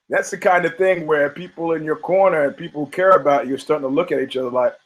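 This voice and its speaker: A man's voice: fairly high pitch, low-quality recording. A man hosting a podcast, chatting casually and profanely, rambling from thought to thought and laughing often as he talks. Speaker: podcast host. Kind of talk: casual podcast banter about fighting.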